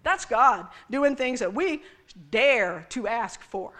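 A woman's voice: a little high, lively intonation, takes it slowly, bright, forceful tone. A woman preaching a sermon to a congregation, playful and teasing as she talks to the people in the room. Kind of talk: sermon with props.

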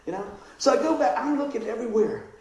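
A middle-aged man, a pastor, preaching a sermon and telling a childhood story, animated and laughing, with voices for the people in it. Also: extremely high pitch, fast talker. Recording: very echoey hall.

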